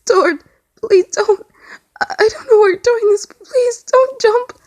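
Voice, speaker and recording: A woman voicing a distraught young man who pleads through tears, his voice climbing high and breaking. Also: unhurried, creaky, darkish tone, full character voice. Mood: sobbing pleas.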